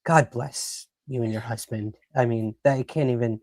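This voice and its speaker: A man's voice: mid-range voice, fairly even intonation, normal speed, darkish tone, no room sound. A man hosting a livestream talk show, responding in an earnest, moved way to a guest's story. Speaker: host. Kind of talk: livestream conversation.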